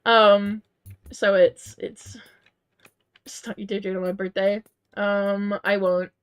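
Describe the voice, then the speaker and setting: A woman streamer chats casually with viewers, reading out their messages, giggling often and restarting sentences with lots of ums. Her medium-pitched voice is clean and fairly even, slow with long pauses, over a headset mic with faint game music behind.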